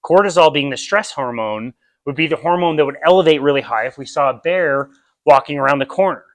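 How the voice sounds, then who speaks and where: A man's voice: a little high, expressive, fairly quick, no room sound. A man with an American accent giving a casual nutrition lecture in a park, explaining with vivid everyday examples. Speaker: nutrition seminar presenter. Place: outdoor park.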